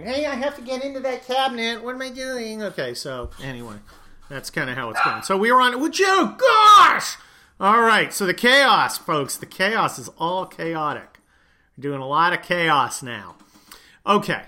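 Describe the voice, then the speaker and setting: A middle-aged man hosting a podcast from his home, giving casual, sarcastic political commentary in a rambling way with many fillers. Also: a little high. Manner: sarcastic, rambling, yells at barking dogs. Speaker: podcast host. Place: home with barking dogs.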